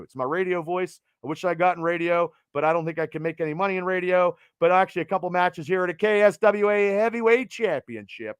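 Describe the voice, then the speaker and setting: A man's voice: high-pitched, lively intonation, fairly quick, few pauses, a bit bright, clear, resonant tone, dry recording. A man hosting a podcast, rattling off event plugs in an announcer cadence and swearing casually. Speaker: podcast host.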